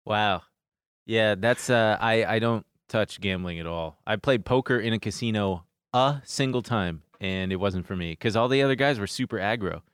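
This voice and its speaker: A young man on a podcast chats casually and drops wry asides. His voice sits on the low side, and the sound is dry and close to the mic. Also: moderate pace, fairly bright tone, clean tone, no room sound. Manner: chatty, reads tweets aloud, wry asides. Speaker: podcast co-host. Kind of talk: casual chat.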